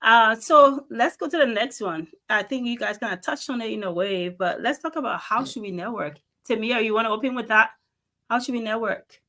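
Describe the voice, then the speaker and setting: A woman's voice: fairly high pitch, fairly quick, pushed and bright. A woman moderating a discussion panel, thanking speakers and handing over questions politely. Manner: brief, polite handovers.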